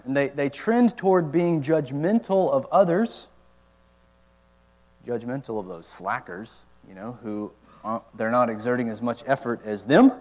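A man teaching a Bible lesson to a college ministry, asking rhetorical questions and explaining each point step by step. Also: mid-range voice. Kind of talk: teaching sermon.

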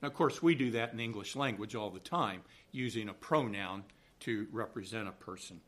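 A man's voice: on the low side, brisk. Southern man teaching a Bible class. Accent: Southern American. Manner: chatty, reassuring, checks in with "okay?". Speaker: Sunday school teacher. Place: church classroom.

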